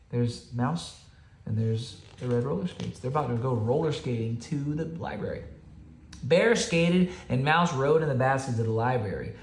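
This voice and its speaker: A father reading a children's picture book aloud, chatty, with asides to his kids. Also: medium pitch. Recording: roomy home room echo.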